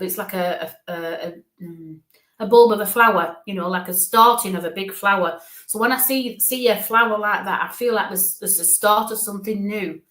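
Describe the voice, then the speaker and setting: A woman, a psychic medium giving a live-streamed reading in an affectionate, reassuring, chatty way. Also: medium pitch. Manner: warm, affectionate, talks in quick asides. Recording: echoey room.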